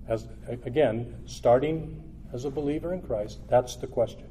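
A man preaching a sermon in an earnest, exhortative way, building to loud emphatic peaks and then dropping low and quiet. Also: animated, moderate pace, slightly rough.

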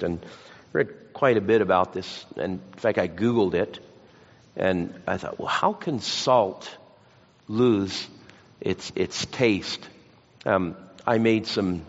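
A man preaching a sermon, mixing scripture with folksy, self-deprecating stories. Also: fairly low pitch. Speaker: pastor. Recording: lo-fi church hall recording.

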